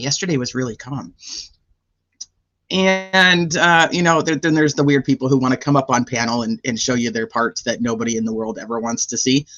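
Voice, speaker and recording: A man's voice: medium pitch, fairly bright tone, no echo, muffled recording. A man hosting a casual livestream and chatting with viewers, with a sore throat. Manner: chatty, greets viewers by name. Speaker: livestream host.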